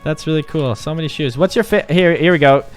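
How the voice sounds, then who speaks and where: A man's voice: fairly high pitch, fairly quick, soft background music. A man hosting a casual livestream, upbeat and encouraging as he chats with a guest and his young son. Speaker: stream host and father.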